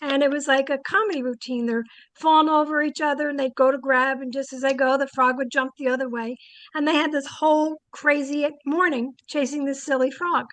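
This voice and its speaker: A middle-aged woman, a psychic guest, telling lively anecdotes with many fillers in an interview. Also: high-pitched, fairly quick, dry recording, rough recording. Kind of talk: storytelling interview answers.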